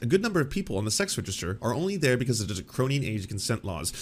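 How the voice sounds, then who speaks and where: A man's voice: mid-range voice, sing-song, fast, few pauses, fairly bright tone. A man hosting a political commentary show, talking in a sarcastic, mocking way and swearing freely.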